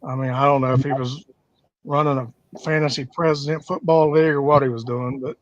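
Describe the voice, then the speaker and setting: A man's voice: mid-range voice, fairly even intonation, fairly quick, no echo. Frank man on lo-fi call audio. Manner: laid-back, frank, plain-spoken. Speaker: livestream co-host. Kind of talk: casual chat.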